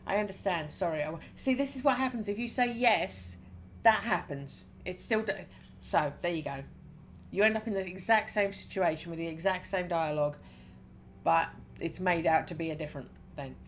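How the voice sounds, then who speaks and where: A woman's voice: lowish voice, normal speed, slight background noise. A woman streamer reading a story game aloud and thinking aloud about her choices between lines.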